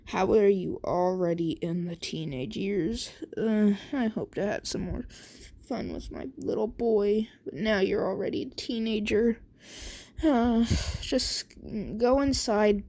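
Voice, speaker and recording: A woman's voice: medium pitch, takes it slowly, warm tone. A woman voicing a wistful mother who sighs over her son growing up. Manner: sighing, wistful.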